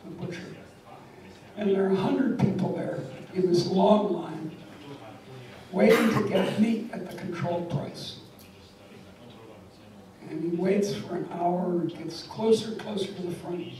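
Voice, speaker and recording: A woman's voice: fairly low pitch, measured pace, warm tone. An older woman giving a public lecture, wry and emphatic, telling stories and jokes. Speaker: guest lecturer. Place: lecture hall. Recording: echoey lecture hall from far off.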